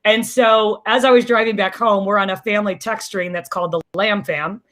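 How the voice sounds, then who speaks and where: A woman from a small town outside Chicago telling a story in casual chat, lively and joking, acting out the other people's voices. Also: medium pitch, a little fast. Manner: animated, acts out quoted voices, self-described jokester. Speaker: interview guest.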